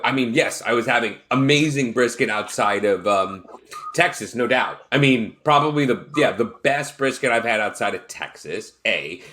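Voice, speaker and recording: A man hosting a food and drink podcast, talking in an excited, slangy, emphatic way. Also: medium pitch. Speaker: podcast host. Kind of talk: casual chat.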